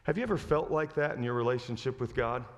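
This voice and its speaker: A man preaching a sermon as pastor. He retells a story with lively acted-out lines and asks the congregation direct questions. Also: medium pitch, quick pace, long reverb tail. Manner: animated storytelling, acting out quoted lines. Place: church sanctuary.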